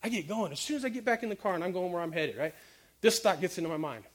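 A man giving a lively comic sermon, quizzing the crowd and acting out little stories. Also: sits high, quick pace. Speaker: preacher speaking to a youth audience.

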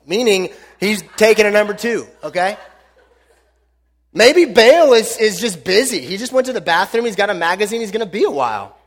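Pastor guy, high voice, goofy animated sermon storytelling, echoey big hall. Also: fast.

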